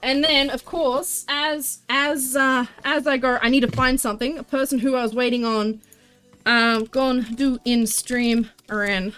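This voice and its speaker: High-voiced excitable woman streamer. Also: unhurried, clean tone, soft background music. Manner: chatty, excitable, greets viewers warmly. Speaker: livestreamer. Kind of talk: casual live-stream chat while crafting.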